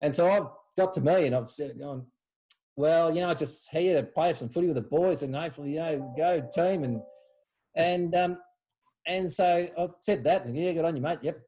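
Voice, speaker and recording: A former club footballer from Australia, guesting on a podcast, casually shares stories from his old club. He brings them to life animatedly, raising his voice to act out what people said, at a moderate pace and fairly high pitch.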